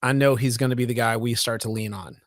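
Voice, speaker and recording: A man's voice: mid-range voice, steady tone, fast, no room sound, studio quality. A man co-hosting a casual sports podcast, talking with enthusiasm and often restarting and repeating his words. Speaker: podcast co-host.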